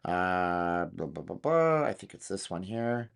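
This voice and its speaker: A man with a lowish voice hosts a casual chat from his home studio. He gets excitable and slangy and thinks out loud as he goes. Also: unhurried, creaky, smooth. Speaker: channel host.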